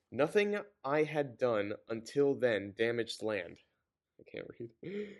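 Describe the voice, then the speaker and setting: A man's voice: mid-range voice, a little mellow. Man reading aloud with sarcastic asides. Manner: stumbles and corrects himself, sarcastic asides. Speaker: reader and commentator. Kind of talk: reading a novel aloud with commentary.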